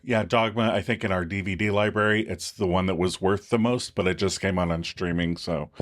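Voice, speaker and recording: A man's voice: low voice, steady tone, a little fast, fairly bright tone. A man co-hosting a podcast, narrating a sitcom episode with dry joking asides and frequent laughter. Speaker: podcast co-host. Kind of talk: casual episode recap chat.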